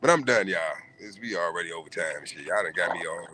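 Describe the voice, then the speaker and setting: A man's voice: low-pitched, expressive, fast talker, bright, forceful tone, soft background music. A man hosting a casual podcast, giving emphatic, profane opinions. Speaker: podcast host.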